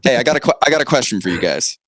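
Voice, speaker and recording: A man's voice: big pitch swings, racing, fairly bright tone, no room sound. Foul-mouthed young man ranting in mock fury. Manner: profane, mock-angry rants with big pitch swings. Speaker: podcast co-host. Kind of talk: crude comedic podcast banter.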